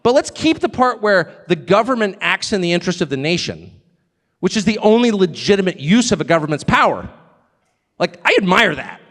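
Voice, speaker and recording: A man's voice: sits high, sing-song, brisk. Emphatic American man in a big hall. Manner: emphatic, sardonic, with sudden loud outbursts. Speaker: speaker at a public event. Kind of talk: live speech to an audience. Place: large hall. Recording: long reverb of a large hall.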